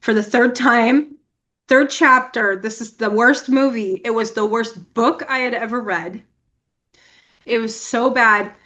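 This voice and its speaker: A woman's voice: on the high side, unhurried. A young adult woman co-hosting a podcast in casual chat, telling stories with lots of laughter and acted-out scenes. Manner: animated storyteller, laughs often, acts out scenes. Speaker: podcast co-host.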